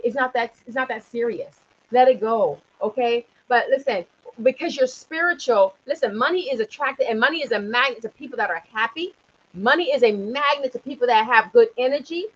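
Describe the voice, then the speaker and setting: A woman with a South Carolina accent, a retirement planning consultant giving a preachy, energetic motivational livestream talk and often checking in with "okay?". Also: fairly high pitch, lo-fi sound. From Charleston area, South Carolina.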